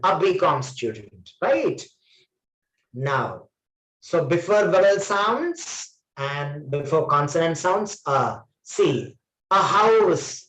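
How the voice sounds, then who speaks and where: A man's voice: sits high, a bit bright. A man giving a classroom grammar lecture, emphatic and often quizzing his students. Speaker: trainer. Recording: roomy classroom echo.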